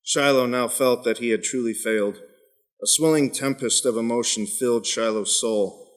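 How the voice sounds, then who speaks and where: Man, medium pitch, steady dramatic narration of his own story, open mic reading. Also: normal speed. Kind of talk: reading a fiction excerpt aloud. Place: small venue at an open mic night.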